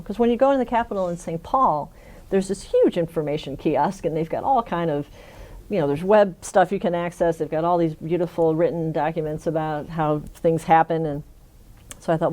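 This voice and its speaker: A woman's voice: low voice, quick pace, darkish tone. A middle-aged woman in an oral history interview, telling a funny story with frequent laughs. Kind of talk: conversational storytelling.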